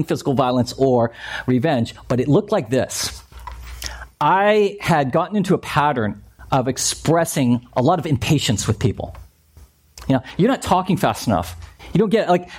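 Animated, high-voiced male pastor preaching. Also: husky. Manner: animated, acts out quoted voices, repeats points. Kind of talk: sermon.

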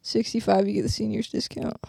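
A woman's voice: mid-range voice, level tone, fairly quick, gravelly, darkish tone, breathy edge, no echo, studio quality. A woman in her twenties co-hosting a podcast, chatting in casual, giggly, joking banter. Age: 20s. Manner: giggly, jokey. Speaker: podcast co-host.

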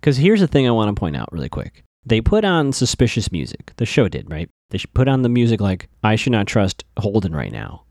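A man's voice: lowish voice, wildly swooping pitch, brisk, few pauses, a little mellow, dry recording, studio quality. A man casually recapping a TV episode, chatty, with lots of fillers, stammered restarts and asides to his listeners.

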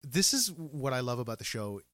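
A man's voice: medium pitch, sing-song, moderate pace, a bit bright, no echo. A man co-hosting a podcast, recapping episodes in an enthusiastic, chatty way with frequent fillers. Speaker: podcast co-host. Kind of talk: casual recap chat.

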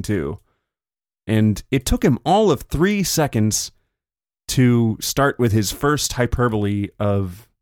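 Low-voiced man riffing on politics. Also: no room sound, clean studio sound. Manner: conversational, paraphrasing others in quick put-on quotes. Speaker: podcast host. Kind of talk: solo political commentary.

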